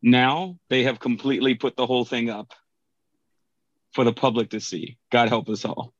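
A man's voice: medium pitch, fairly even intonation, moderate pace, no room sound, muffled recording. A man co-hosting a podcast in casual chat, making dry, sardonic remarks. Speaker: podcast co-host.

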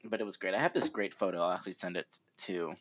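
A man co-hosting a podcast, telling a story in a joking, animated way. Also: low-pitched, fast talker. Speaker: podcast co-host. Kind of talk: casual storytelling.

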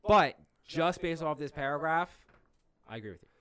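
A man's voice: on the high side, moderate pace, clear, resonant tone. A man co-hosting a casual podcast, joking and wrapping up the show. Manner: animated, jokey, wraps up the show. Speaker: podcast co-host.

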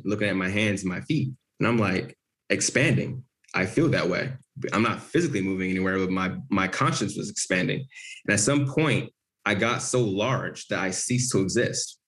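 A man's voice: lowish voice, fairly bright tone. A man as an interview guest, telling a personal story in an earnest, vivid way.

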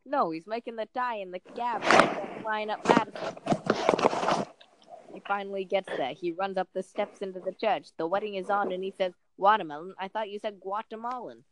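A woman's voice: mid-range voice, normal speed, noisy background, lightly acted. A woman voicing a wisecracking New York comedian guy, reading movie lines in a New York accent. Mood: wry. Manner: reads movie lines in a put-on comic voice. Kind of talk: comic movie-script reading.

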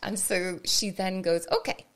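An Irish woman from West Cork with a lowish, gravelly voice that has a bright, sharp edge. She tells her story in a chatty, scattered way, hopping between asides and laughing through it. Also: normal speed. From Ireland, West Cork. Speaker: guest. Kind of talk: casual storytelling chat.

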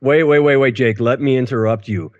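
A man's voice: medium pitch, fairly quick, in a large hall. A man in his thirties co-hosts a comedy news podcast, sarcastic and profane. He stumbles through restarts as he talks. The audio is dull and lo-fi, as if from a modest home setup. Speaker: podcast co-host. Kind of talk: casual comedic news chat.

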